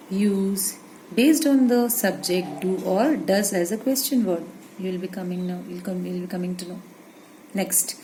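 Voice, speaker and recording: Woman, Indian English accent, teacher, slow careful pace, dictates word by word, faint background noise. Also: mid-range voice, darkish tone, poor audio. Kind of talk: grammar lesson for children.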